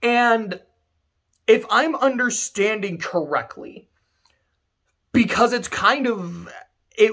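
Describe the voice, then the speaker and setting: A man's voice: high-pitched, a bit bright. A man giving casual game commentary to camera, emphatic and ranting, swearing freely. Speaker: video creator.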